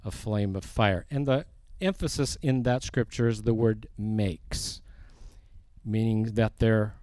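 Reading scripture aloud as he works through a sermon verse by verse, this preacher speaks slowly and deliberately, building emphasis on each quoted passage. His voice is fairly low and mellow, and the recording is dry.

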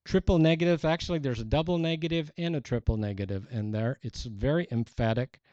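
Earnest male preacher, dark mellow voice. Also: mid-range voice, no room sound, lo-fi sound. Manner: earnest, emphatic preaching with scripture readings. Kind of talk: sermon.

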